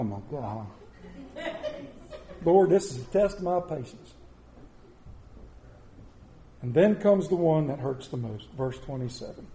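Animated high-voiced preacher man. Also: roomy sound. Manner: animated preaching with comic asides. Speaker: pastor. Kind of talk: sermon. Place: church sanctuary.

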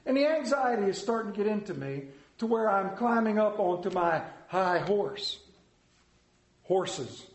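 A man preaching a sermon, telling a folksy story in an animated, storytelling way. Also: high voice, normal speed, few pauses, roomy sound. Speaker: pastor.

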